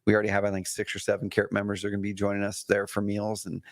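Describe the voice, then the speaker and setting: A relaxed man with a lowish voice chatting casually as co-host of a marketing show. He talks in a laid-back way and often calls people "dude." The recording is dry and close. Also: rapid-fire, dry recording. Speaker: co-host and business coach. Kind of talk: casual live-show chat.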